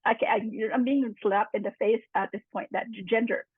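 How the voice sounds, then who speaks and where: A woman speaking on a panel, talking haltingly with many restarts. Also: fairly high pitch, steady tone, slightly rough, no room sound. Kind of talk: panel discussion. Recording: dry, tinny phone-like line.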